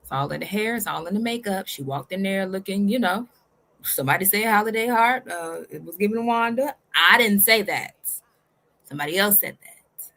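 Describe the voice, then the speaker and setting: A sassy woman riffs through casual reaction commentary, tossing out cheeky profanity and talking straight to her viewers. Her voice sits at an ordinary middle pitch, loose and playful. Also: expressive, normal speed, bright, forceful tone. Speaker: reaction video host.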